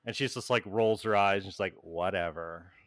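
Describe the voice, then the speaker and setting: A man's voice: lowish voice, steady tone, fast, a bit bright. A man narrating a tabletop role-play game as game master, rambling and full of filler words.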